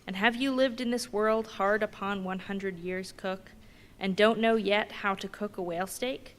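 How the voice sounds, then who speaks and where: A woman reading the lines of a domineering male ship's mate in a brisk, bossy questioning manner. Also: mid-range voice, steady tone, natural voice. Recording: long reverb in a big hall.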